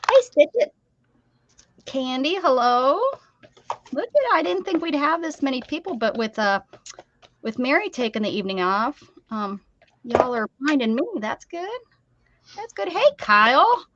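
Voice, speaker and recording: A woman hosting a casual craft livestream, chatty and animated, greeting viewers by name. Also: high-pitched, normal speed, pauses often, lo-fi sound, noisy background.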